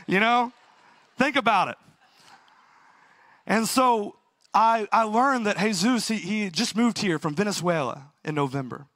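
A pastor giving a sermon, telling a story earnestly and sometimes laughing at himself. His voice sits a little high for a man and has a gravelly edge. The sound is dry and close. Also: a bit bright, dry recording.

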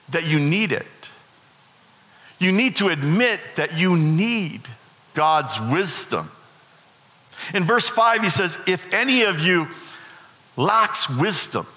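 A man's voice: high-pitched, sharp tone. A middle-aged man preaching a sermon as pastor, emphatic and repeating his key phrases. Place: church sanctuary. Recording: echoey hall with long reverb.

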